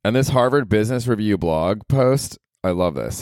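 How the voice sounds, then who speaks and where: A male comedian hosting his podcast, rambling casually and profanely, his pitch leaping up for emphasis. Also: expressive, normal speed, a little mellow, dry recording, clean studio sound.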